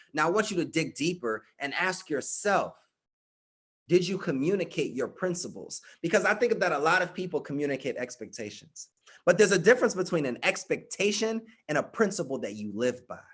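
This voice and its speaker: A man's voice: fairly high pitch, fairly bright tone. A middle-aged man coaching a live group, emphatic and direct, calling on listeners by name and repeating his points. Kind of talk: motivational talk with audience.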